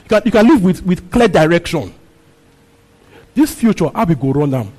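In a high, expressive voice with a darkish tone, a preacher teaches on a Bible passage at a moderate pace, repeating phrases and asking his congregation questions. The recording quality is rough.

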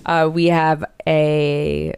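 A woman in her thirties chatting as a podcast guest, often laughing and halting mid-sentence. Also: deep voice, big pitch swings, clean tone. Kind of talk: casual chat. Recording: loud crowd in the background.

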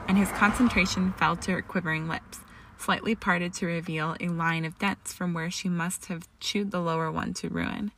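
A woman reading a story aloud in a steady, measured way. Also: lowish voice, creaky. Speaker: fan fiction reader. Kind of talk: story narration.

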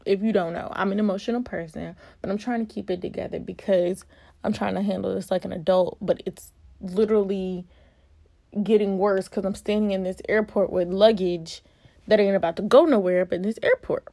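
Young woman telling an animated storytime. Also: mid-range voice, brisk, vocal fry, dry recording. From Virginia, US. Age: early 20s. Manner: animated, expressive retelling. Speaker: vlogger. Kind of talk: casual storytime.

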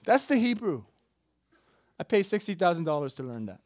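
A preacher giving an animated, playful sermon with sudden shouts and laughter, recorded close and dry. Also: medium pitch, moderate pace, no room sound.

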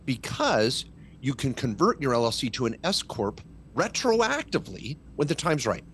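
A man's voice: medium pitch, moderate pace, slight background noise. A middle-aged man, a tax lawyer guest, talking in casual podcast chat and telling stories with emphasis. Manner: animated, emphatic storytelling.

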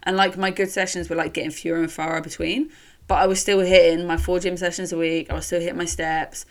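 A woman's voice: fairly low pitch, little pitch movement, a little fast. A young woman telling her own story in a chatty, candid podcast monologue, swearing casually and using lots of fillers. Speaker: podcast host.

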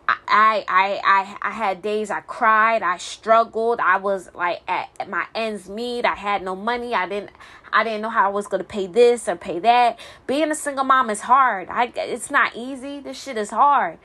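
A woman's voice: medium pitch, measured pace, sharp tone. A single mother venting in a blunt, profane monologue, stumbling and repeating words when heated.

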